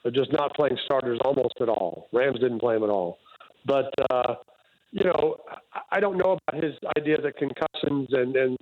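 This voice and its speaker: A man's voice: medium pitch, normal speed. A man, a sports columnist, chatting wryly as a guest over a phone line. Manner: chatty, wry. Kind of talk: casual phone interview.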